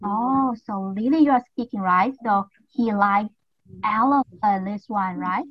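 A woman teaching English to young learners over a video call, speaking slowly and patiently with lots of encouragement and careful repetition. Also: medium pitch, dry recording, lo-fi sound. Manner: patient, slow and encouraging, repeats words carefully. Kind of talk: online class drills.

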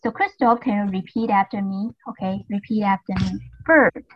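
A woman teaching English to young learners over a video call, speaking slowly and patiently with lots of encouragement and careful repetition. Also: mid-range voice, fairly even intonation, dull audio, slight background noise. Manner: patient, slow and encouraging, repeats words carefully. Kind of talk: online class drills.

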